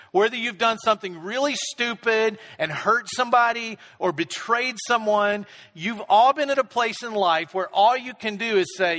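A man's voice: high voice, bright, forceful tone. A middle-aged man preaching a sermon, telling a self-deprecating family story in a casual, conversational way. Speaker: pastor. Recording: long reverb of a large hall.

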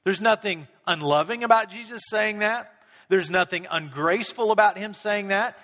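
Male pastor, bright forceful tone, conversational sermon with quick character asides, long hall reverb. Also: high voice. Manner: conversational, acts out people's voices in quick asides.

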